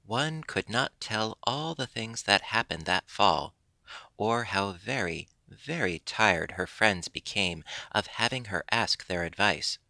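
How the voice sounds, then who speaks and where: A man narrating a children's animal story in a measured, gently storytelling way. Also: fairly low pitch, expressive, gravelly, no echo. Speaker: audiobook narrator. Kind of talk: storybook reading.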